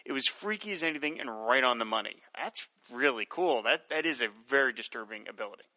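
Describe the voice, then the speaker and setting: A man co-hosting a casual podcast, reading listener mail with relaxed, dry jokes. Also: medium pitch, fast, dry recording, rough recording. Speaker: podcast co-host.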